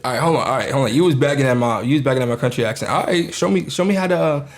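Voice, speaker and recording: A man's voice: medium pitch, racing. A young man with a New York accent, a podcast co-host in casual, laughing chat among friends, swearing freely. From Jamaica, Queens, New York.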